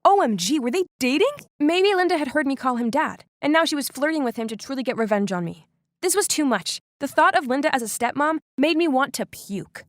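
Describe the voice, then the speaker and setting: Woman telling a dramatic animated story, kinda high voice, close dry mic. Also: brisk, no room sound. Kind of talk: scripted first-person narration.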